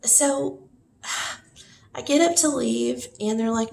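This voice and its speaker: A woman's voice: high-pitched, slow pace, gravelly, pauses often, darkish tone. A woman casually telling a personal story to the camera, rambling with many fillers and self-corrections. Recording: echoey room with faint noise.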